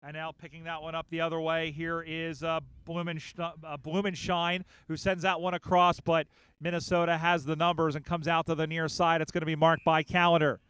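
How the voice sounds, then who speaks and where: A man calling a live field game, his voice a little high and smooth with a clean, crisp tone. He talks in quick, excited bursts when the play picks up, with a level, fairly steady melody. The sound is close and dry, with no room around it. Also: no room sound. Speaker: play-by-play commentator. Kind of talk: live sports commentary. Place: outdoor sports field broadcast.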